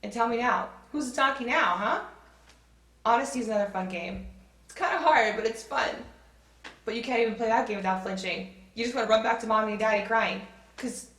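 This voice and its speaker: A woman's voice: fairly high pitch, brisk, a bit bright, roomy sound, far from the mic. A woman in her twenties performing a comic audition monologue, theatrical and swinging between sweet and snide. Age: 20s. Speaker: actor in an audition sketch.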